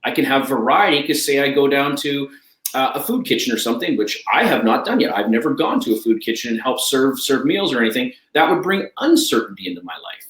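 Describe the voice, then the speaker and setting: A man's voice: mid-range voice, animated, a little fast, fairly bright tone. Enthusiastic man in a roomy echo. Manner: enthusiastic, emphatic, repeats key phrases. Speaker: guest, life coach. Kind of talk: energetic conversational talk.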